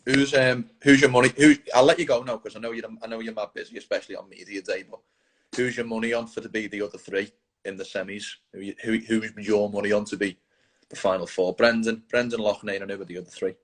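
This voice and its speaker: A man's voice: fairly low pitch, fairly even intonation, quick pace, fairly bright tone, low-quality recording. A man interviewing a fighter, asking long, friendly questions with frequent restarts. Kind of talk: casual interview.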